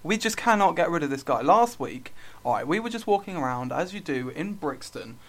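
A man's voice: fairly high pitch, sing-song, fairly quick, a bit bright. A man co-hosting an improvised comedy show in a mock-earnest, hammy manner. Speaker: comedy podcast co-host.

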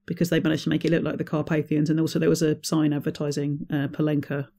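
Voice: medium pitch, monotone, fast talker, mellow. A podcast co-host talking casually about films and making dry, wry jokes. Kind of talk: casual film-review chat.

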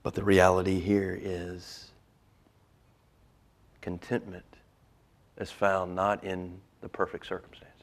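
A male pastor preaching a sermon, swinging from loud emphasis to hushed, whispered lines. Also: sits low, monotone, takes it slowly, long pauses.

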